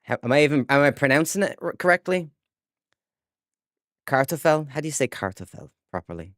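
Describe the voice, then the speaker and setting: A man's voice: mid-range voice, big pitch swings, quick pace, fairly bright tone, no echo, studio quality. A young adult Irish man chatting casually with viewers while he plays a game on a live stream. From Ireland. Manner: chatty, reads out chat and answers viewers, upbeat.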